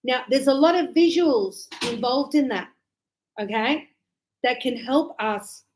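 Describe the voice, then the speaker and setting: A high-voiced, middle-aged woman teaches an English class in a lively, chatty way. She keeps breaking into short acted-out example dialogues to show her point. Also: measured pace, slight background noise, rough recording. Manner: animated, acts out little example dialogues.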